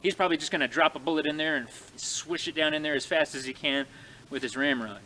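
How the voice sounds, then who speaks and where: A man telling a frontier tale in a folksy, animated way, speaking to his audience outdoors in snowy woods. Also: on the high side, fast talker, slight background noise. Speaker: living history storyteller. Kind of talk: folksy oral storytelling.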